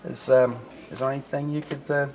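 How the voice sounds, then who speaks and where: A man's voice: mid-range voice, level tone, a little fast, darkish tone, close to an everyday voice. An actor playing a pushy car owner who stammers as he wheedles for a favor. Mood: wheedling. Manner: hesitant, wheedling, full of fillers.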